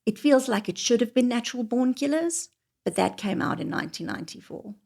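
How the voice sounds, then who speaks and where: A woman telling a wry, confessional personal story, often dropping into hushed whispered asides. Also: on the high side, lively intonation, brisk, vocal fry.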